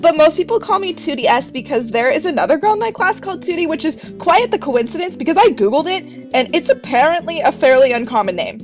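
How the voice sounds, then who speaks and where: A woman plays an earnest little girl of nine, her voice pitched very high and eager, in a comedic fanfiction reading. Soft music plays behind her. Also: very animated, fast talker, few pauses. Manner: high, eager, childlike delivery. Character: earnest nine-year-old girl hero.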